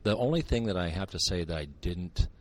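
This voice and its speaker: Deep-voiced older man from Montana, joking. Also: a little fast, slight background noise. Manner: joking, sarcastic, animated storyteller. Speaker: guest, author and Bigfoot researcher. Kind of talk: casual podcast interview.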